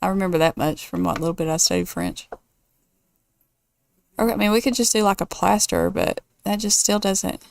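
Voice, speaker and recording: A woman's voice: medium pitch, sing-song, moderate pace, creaky, a little mellow, no room sound. A woman hosting a casual let's play, thinking aloud and weighing choices as she builds. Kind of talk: casual gameplay commentary.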